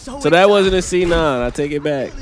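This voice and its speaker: A man's voice: a little high, lively intonation, normal speed. A young man giving laid-back, chatty commentary over his own gameplay as a gaming channel host. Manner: laid-back, chatty, laughs often, says "man" and "brother". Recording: loud game music underneath.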